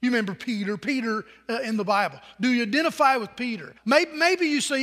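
A man's voice: extremely high pitch, fairly quick, hardly any pauses, sharp tone, in a large hall. A man pastor preaching a sermon in a conversational way, asking the congregation questions.

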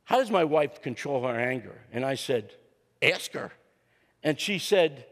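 A man's voice: a little high, animated, moderate pace, gravelly. An older man preaching a humorous sermon, telling stories and acting out what people said, with a joking, easygoing manner. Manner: joking storyteller, acts out quotes. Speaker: guest preacher and counselor. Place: church sanctuary. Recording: long hall reverb in church.

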